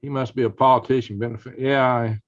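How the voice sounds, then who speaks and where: A man's voice: medium pitch, steady tone, brisk, dry recording. Folksy man, dry dull stream audio. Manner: folksy, rambling, gets heated and loud when indignant. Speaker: prepping channel host. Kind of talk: live-stream commentary.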